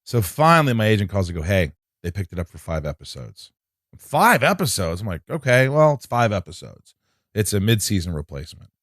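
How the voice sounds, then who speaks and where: A man's voice: lowish voice, very animated, brisk, fairly bright tone, no room sound, clean studio sound. A man, an actor, telling a long story in casual chat, acting out quotes and swearing freely. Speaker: actor guest.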